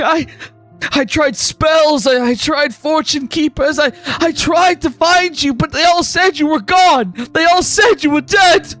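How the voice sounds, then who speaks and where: A man's voice: very high-pitched, a bit bright, pitched above the performer's own voice. A man voicing a weeping, remorseful father who stammers through his apologies while crying, in a tabletop game. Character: weeping remorseful middle-aged father, a lord.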